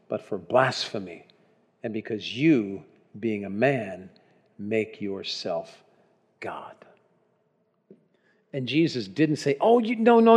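A man preaching a sermon as pastor in a church, earnest and emphatic, slowing down to read scripture. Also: mid-range voice. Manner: earnest, builds to emphatic peaks, slows on scripture. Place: church sanctuary. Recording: reverberant hall with soft guitar.

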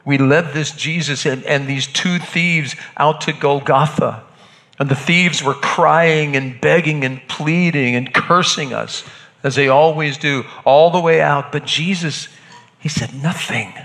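A man's voice: fairly high pitch, fairly bright tone, big-room sound. A man playing a shaken Roman centurion. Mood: grave, shaken. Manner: halting, stammers and repeats words. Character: shaken Roman centurion, hardened male executioner.

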